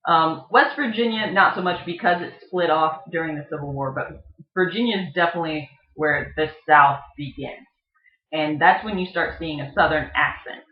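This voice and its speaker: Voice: mid-range voice, moderate pace. A speaker giving a casual educational explanation, thinking aloud with frequent ums and uhs. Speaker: online explainer. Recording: echoey room, slightly dull lo-fi sound.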